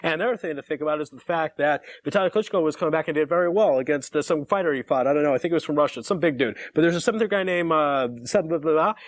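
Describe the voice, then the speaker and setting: A man's voice: fairly high pitch, rapid-fire, hardly any pauses, no room sound. A man in his twenties hosting a call-in show, ranting in a rambling, opinionated way. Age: 20s. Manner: opinionated, rambling, self-interrupting. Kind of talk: casual rambling rant.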